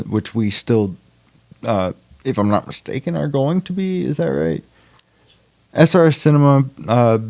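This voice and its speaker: A young man with a smooth, darkish, lowish voice, recorded dry, chats casually as a podcast guest about acting in indie films. He rambles with plenty of fillers and restarts.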